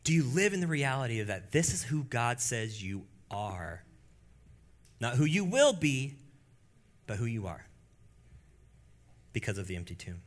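A male pastor preaching a sermon to his congregation, moving between quiet, low passages and loud, high bursts. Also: measured pace, pauses often. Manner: animated preaching that swings from hushed to loud and high. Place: church.

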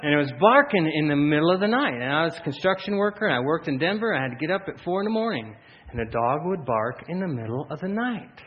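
A man preaching a sermon as pastor, telling stories animatedly with frequent laughs and loud shouted bursts. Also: a little high, big pitch swings, quick pace. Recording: dull lo-fi sound, faint room ambience.

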